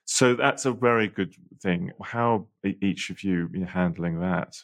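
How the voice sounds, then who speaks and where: Slow, deep-voiced man. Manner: genial, unhurried, asks follow-up questions. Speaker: podcast co-host. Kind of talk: casual conversation.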